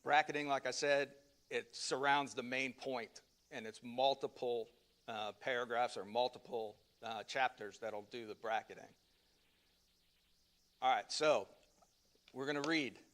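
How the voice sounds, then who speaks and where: A man leads a Sunday Bible class in a church classroom, talking loosely and conversationally. He trails off, restarts and fills gaps as he explains. His voice sits at an ordinary middle pitch. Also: fairly even intonation, unhurried, fairly bright tone. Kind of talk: casual Sunday class teaching.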